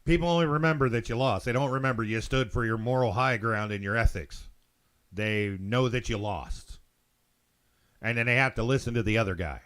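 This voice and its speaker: A man's voice: medium pitch, a little fast, fairly bright tone, clean tone. A man hosting his own show, ranting opinions in a blunt, profane monologue, stumbling and repeating words. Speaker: show host.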